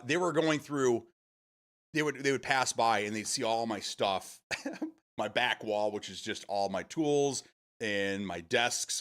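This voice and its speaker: A man's voice: fairly low pitch, a bit bright. A middle-aged man, hosting a casual live stream, rambling and chatty with self-amused laughs. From Michigan, USA. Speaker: streamer host.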